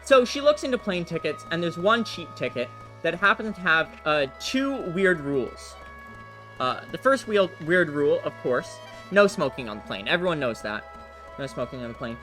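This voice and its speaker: A man's voice: on the high side, very animated, normal speed, pushed and bright, poor audio. A man casually commenting on his speedrun while rambling through a joke, full of fillers. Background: game music.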